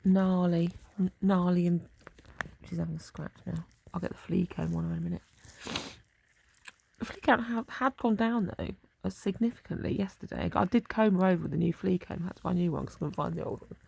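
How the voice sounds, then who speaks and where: A woman's voice: on the low side, fairly quick, gravelly, a little mellow, a little hiss or hum. A woman rambling casually to herself in a vlog, muttering and trailing off. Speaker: vlogger.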